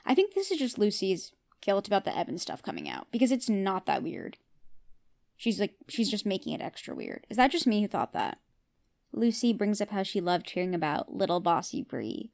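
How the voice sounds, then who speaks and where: A woman's voice: medium pitch, creaky, darkish tone. A woman hosting a podcast who recaps a TV episode in a casual, opinionated way and often asks her listeners questions. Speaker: podcast host.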